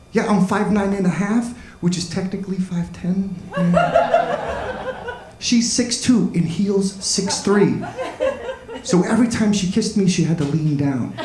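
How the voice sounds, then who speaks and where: A man doing a self-deprecating stand-up comedy set, chatting with the audience on a comedy club stage into a handheld mic. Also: high-pitched. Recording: echoey club with crowd noise. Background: laughing audience.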